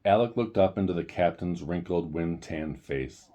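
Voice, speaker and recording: A man reads a chapter book aloud for a storytime show. His voice is extremely low and dark, with a mellow tone. He paces the story in a measured, deliberate way. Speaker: storyteller host.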